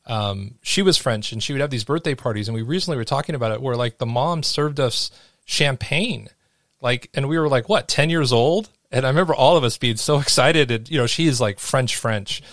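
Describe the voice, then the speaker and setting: Male podcast host, middle pitch, curious and talkative, dry studio sound. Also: fairly quick, fairly bright tone, no room sound. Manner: curious, chatty, filler-heavy questions. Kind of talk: casual interview chat.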